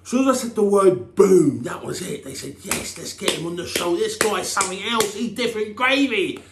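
A brash Englishman, a TV personality answering fan questions, chats casually in an echoey room, and the recording is very noisy. His voice is animated and moderately paced, and he rambles with lots of restarts and "you know what I mean." Every so often he bursts out with loud shouts of "Boom."

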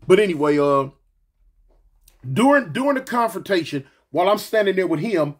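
Casting: middle-aged man, lisp, high voice, rambling slangy storyteller. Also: moderate pace, breathy edge. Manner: animated, slangy, rambling with fillers and restarts. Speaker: storyteller recounting his past. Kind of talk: casual storytelling.

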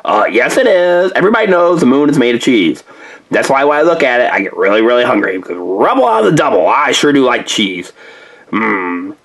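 A man voicing a hungry, slow-witted male bulldog pup in a toy play-along story, with a husky, rambling drawl. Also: medium pitch, big pitch swings, fairly bright tone, pitched below the performer's own voice, rough recording. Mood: dreamy, stubborn.

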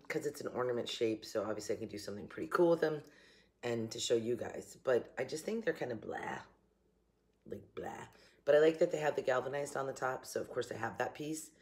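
A middle-aged woman with a Southern accent and a slight morning cough, chatting casually to camera from her kitchen. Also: very deep voice. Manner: chatty, laughing, upbeat. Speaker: vlogger. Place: home kitchen.

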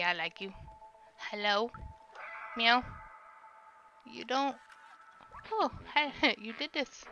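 A high, piercingly bright woman's voice commenting on her gameplay, letting out yelps and shrieks when she panics. She drags her words out slowly into a desk microphone. The recording sounds a little dull, with faint game music underneath. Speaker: streamer playing a video game.

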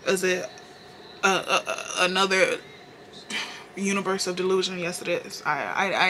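Sassy Southern woman with a bright voice. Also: lowish voice, steady tone, a little slow, a little hiss or hum. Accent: Southern US (Carolina). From North Carolina, US. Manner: sassy, profane, playful slang. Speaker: beauty vlogger. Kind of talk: casual makeup tutorial chat.

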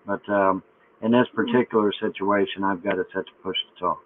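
A man's voice: sits low, steady tone, a little fast, narrow, tinny audio, slight background noise. A man hosting an online chat room who rambles and jokes. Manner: rambling, joking.

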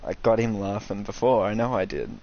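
A young man doing casual, sweary commentary over a video game, ranting and excitable. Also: lowish voice, fairly quick, highs cut off. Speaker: gaming streamer.

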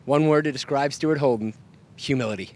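Fast-talking male interview host. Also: mid-range voice, a little mellow. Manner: brisk, teasing questioner. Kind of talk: quick-fire interview questions.

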